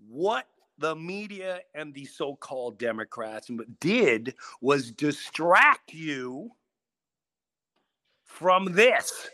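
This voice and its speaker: Excitable bright-voiced man, casual podcast host. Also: a little high, slow pace, dry recording. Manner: excitable, rambling, laughs often. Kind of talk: casual chat.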